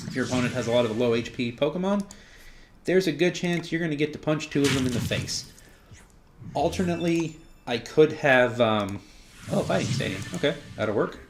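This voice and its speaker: Male gameplay commentator, mid-range voice, relaxed and chatty, thinks out loud. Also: mid-range voice, slight background noise. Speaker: card game player commenting on his own match.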